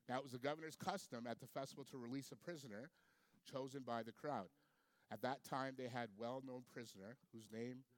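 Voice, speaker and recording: A man's voice: mid-range voice, dry recording. A man preaching a sermon, reading scripture aloud and then reflecting on it with questions for his listeners. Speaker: pastor.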